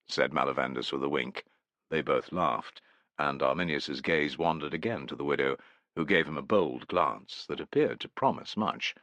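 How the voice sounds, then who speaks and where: A man's voice: rumbling low, moderate pace, a bit bright, no room sound. A man narrating a historical war novel in a scripted, dramatic reading. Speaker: audiobook narrator.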